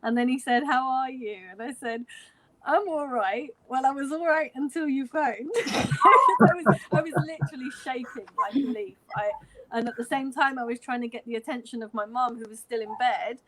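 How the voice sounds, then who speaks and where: On a video call, a fan guest, an Englishwoman in her forties from London, shares a story briskly in a high voice. She keeps it casual, acting out quoted dialogue and laughing often as she goes.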